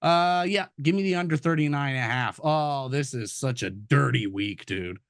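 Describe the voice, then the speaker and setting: A man co-hosting a casual sports betting podcast, joking loudly and swearing freely. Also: medium pitch, moderate pace, no echo, studio quality. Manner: loud, jokey, swears a lot. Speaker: podcast co-host.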